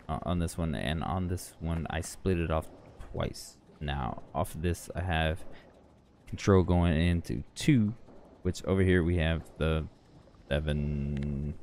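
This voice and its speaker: Low gravelly tired man narrating gameplay. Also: darkish tone, a little hiss or hum. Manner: rambling, self-correcting, chatty. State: tired, yawning. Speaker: gaming channel host. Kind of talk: casual gameplay commentary.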